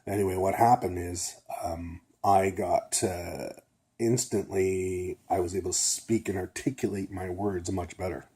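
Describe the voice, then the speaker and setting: A man's voice: sits low, steady tone, unhurried, mellow, husky. An older man, a retired nurse, talking casually to camera in a rambling way, a little nasal and often checking in with "okay?". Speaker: vlogger.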